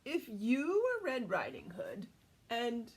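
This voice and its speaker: A woman storyteller reading a picture book aloud to children, animated and asking them questions. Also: on the high side, slow pace, slight background noise.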